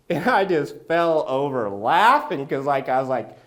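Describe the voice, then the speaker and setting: Animated storytelling pastor, man. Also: on the high side, measured pace. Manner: animated storyteller, acts out scenes with loud outbursts. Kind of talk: sermon with a personal story. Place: church sanctuary.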